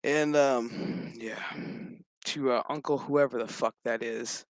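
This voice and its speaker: A man's voice: mid-range voice, slow, no room sound. A man casually recapping a TV episode, swearing freely and joking as he goes. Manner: profane, joking, animated storytelling. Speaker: show recap host.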